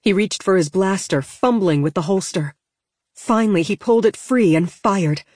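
A woman reading a storybook aloud in a steady, measured narration. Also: mid-range voice, no room sound, clean studio sound. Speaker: audiobook narrator.

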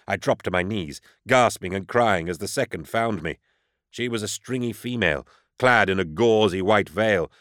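Grim, low-voiced male narrator. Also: fairly bright tone, no room sound, clean studio sound. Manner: grim, dramatic and measured. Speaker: audiobook narrator. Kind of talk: scripted first-person narration.

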